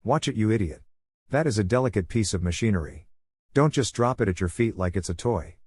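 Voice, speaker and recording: A man voicing a brash, hulking male thug in a fan story reading, gruff and complaining, low-pitched and dry. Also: expressive, fairly quick, darkish tone, no echo. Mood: grumbling.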